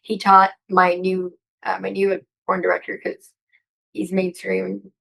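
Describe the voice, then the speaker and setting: A woman with a gravelly, fry-laced voice chats in an interview. She talks in a rambling, excitable way and swears often. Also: medium pitch, measured pace, rough recording. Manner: excitable, profane, rambling with frequent laughs. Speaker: interview guest. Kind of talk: casual interview chat.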